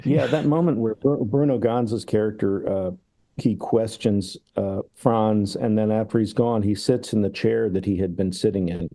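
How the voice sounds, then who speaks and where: A man's voice: fairly low pitch, steady tone, normal speed, warm tone. A man in casual film talk, rambling and laughing, acting out remembered sketches. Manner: rambling, laughs often, acts out quoted sketches. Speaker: podcast co-host discussing films.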